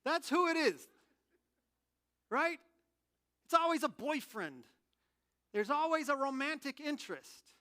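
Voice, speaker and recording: A man preaching a sermon in a candid, animated, conversational way, telling personal stories. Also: very high-pitched, a little slow, long pauses. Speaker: pastor.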